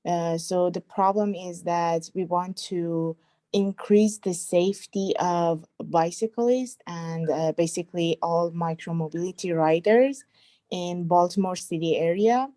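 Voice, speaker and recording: Young woman student on a video call, slow and mellow, hesitant. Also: on the low side. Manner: hesitant, many fillers. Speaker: PhD student presenter. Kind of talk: casual introduction.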